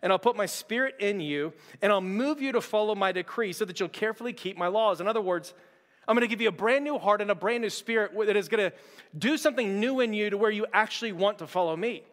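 Male pastor, high voice, chatty emphatic sermon delivery, long hall reverb. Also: fast talker, fairly bright tone. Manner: conversational, emphatic, many "like" and repeated words.

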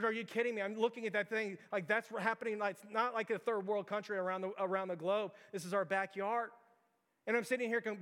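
A man preaching a sermon as pastor, casual and animated, telling stories with lots of "like" to his church. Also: high voice. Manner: conversational, animated, storytelling with lots of "like". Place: church sanctuary. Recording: long hall reverb.

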